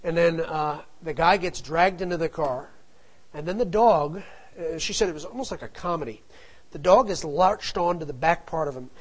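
Middle-aged guy spinning a long rambling story, slightly high voice, lots of asides. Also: moderate pace, low-quality recording. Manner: rambling, digressive, with frequent asides. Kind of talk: casual anecdotal storytelling.

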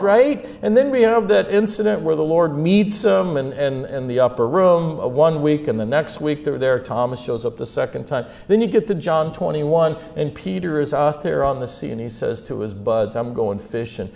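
A man preaching a sermon as a humorous story, acting out the scenes with big jumps in pitch and loudness. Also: expressive, moderate pace, vocal fry, few pauses.

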